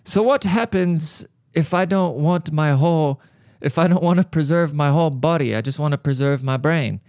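A man's voice: on the high side, moderate pace, a little mellow, dry recording, clean studio sound, pitched above the performer's own voice, natural voice. A man putting on an exaggerated voice for a short, scruffy, chain-smoking male camera guy. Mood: curious. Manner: exaggerated put-on voice.

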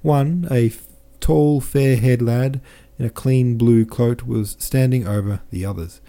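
As a podcast narrator, a man reads a classic novel aloud with measured care, occasionally correcting himself. He has a warm, mid-range voice and works as an audiobook narrator.

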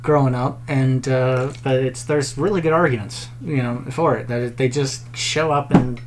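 A man's voice: mid-range voice, fairly even intonation, moderate pace, very noisy. A man co-hosting a podcast, chatting casually and asking questions. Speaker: podcast co-host.

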